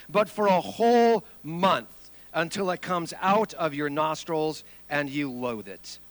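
A middle-aged male pastor preaching a sermon, animated and humorous, with frequent rhetorical call-outs to the congregation. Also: high-pitched, no room sound, poor audio.

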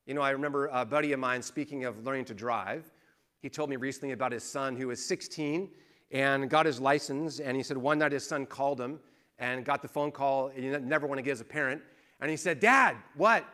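A man's voice: medium pitch, steady tone, fairly quick, fairly bright tone. A male pastor giving a conversational sermon, telling stories and building to emphatic points. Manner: conversational preaching, rises into emphatic storytelling.

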